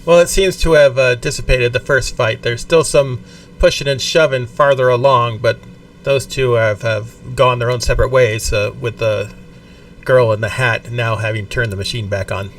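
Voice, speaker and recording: A man's voice: mid-range voice, steady tone, moderate pace, fairly bright tone. A man running a tabletop game as game master, narrating in a casual, profane, descriptive way. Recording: distant mic with faint background noise.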